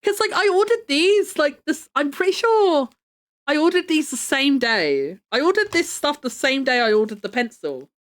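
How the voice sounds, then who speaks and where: A woman's voice: sits high, very animated, moderate pace. A young woman chatting casually on a livestream, rambling with lots of fillers and casual swearing. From United Kingdom. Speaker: live streamer.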